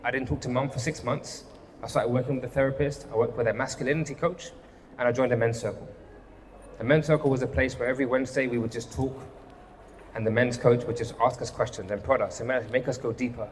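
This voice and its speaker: A man's voice: medium pitch, fairly even intonation, quick pace. A man, a men's coach, telling a personal story on stage in an earnest, confessional way, often restarting his sentences. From London, England. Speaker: men's coach and motivational speaker. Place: live event venue. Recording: hall reverb, faint background noise.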